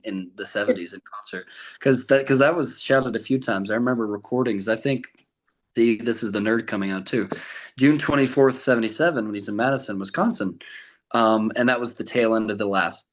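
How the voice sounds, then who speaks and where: A young man from Colorado who works as an Elvis tribute artist chats casually as a podcast guest, his voice on the low side. He's a chatty storyteller who laughs often and acts out other people's voices, though the audio is poor.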